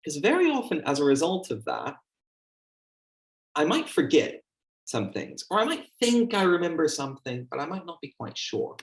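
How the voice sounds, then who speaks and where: A man's voice: on the high side, wildly swooping pitch, normal speed. A man giving a teacher training workshop, speaking conversationally and acting out the questions he asks his class. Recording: echoey room.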